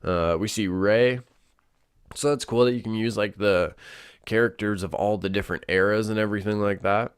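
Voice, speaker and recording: A man's voice: fairly low pitch, steady tone, normal speed, smooth. A young man hosting a casual solo show, rambling with lots of fillers and swearing. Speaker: podcast host.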